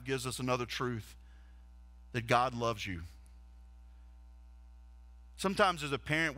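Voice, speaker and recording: A man's voice: medium pitch, pushed and bright, no room sound. A man, a lead pastor, preaching a sermon earnestly and asking the congregation rhetorical questions. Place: church stage.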